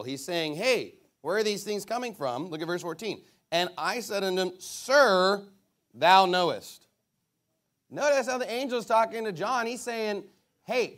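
A man preaching a sermon as pastor, playing a call-and-response game with children and talking playfully to the congregation. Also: high-pitched. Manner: lively, playful with kids, calls out to the crowd.

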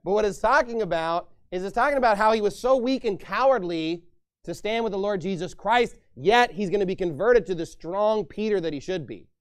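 A male pastor preaching a sermon and reading scripture aloud, emphatic, swinging from hushed asides to loud declarations. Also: high-pitched, brisk, clear, resonant tone.

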